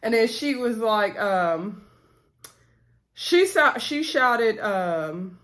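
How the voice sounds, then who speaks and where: A woman's voice: on the high side, animated, drawn-out words, fairly bright tone. A woman reviewing a TV episode in a casual chat, calling her viewers y'all and acting out the characters' lines as she retells them, with a bit of a runny nose. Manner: chatty, addresses viewers as y'all. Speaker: TV show reviewer.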